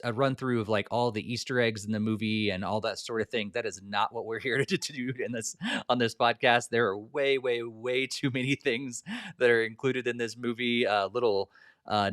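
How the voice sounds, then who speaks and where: A man hosting a casual podcast, relaxed and hedging, with a lot of fillers. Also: mid-range voice, clean tone, no room sound, clean studio sound. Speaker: podcast host.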